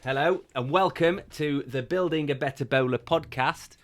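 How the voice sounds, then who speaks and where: A man hosting a podcast in a warm office, chatting casually in a rambling, jokey, self-deprecating way. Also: fairly high pitch, moderate pace. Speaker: podcast host.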